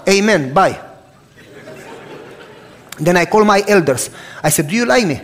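With long pauses and a faint crowd in the background, a man in his sixties preaches, his voice high-pitched and moderately paced. He tells sermon stories animatedly, loudly voicing both sides of the dialogues, while a long hall reverb trails his words.

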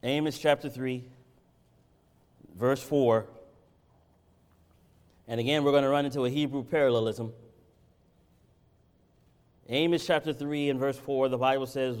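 Male preacher, high voice, sermon in a big echoing hall, shifts from fiery to conversational. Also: normal speed, pauses often, clean tone. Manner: swings from loud impassioned peaks to low conversational teaching. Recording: reverberant hall.

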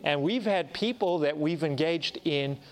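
A man preaching a sermon, telling a personal story with lively acted-out dialogue and self-mocking humor. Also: a little high, a little slow. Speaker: pastor.

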